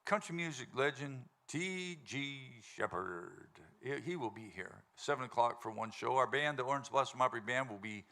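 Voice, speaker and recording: Gravelly guy hosting a live show, bright edgy tone, jokey and rambling. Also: mid-range voice, lively intonation, moderate pace, few pauses. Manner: joking, rambling, laughs often. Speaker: show host and band singer. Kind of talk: casual stage banter before a live audience. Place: live music venue stage.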